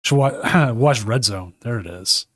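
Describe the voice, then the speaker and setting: A man's voice: medium pitch, animated, unhurried, a bit bright, no room sound, clean studio sound. A man hosting and casting a live card game tournament from a home desk, chatting loosely and correcting himself as he goes. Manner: chatty and rambling, self-correcting. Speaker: tournament caster and stream host. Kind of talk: casual live game commentary.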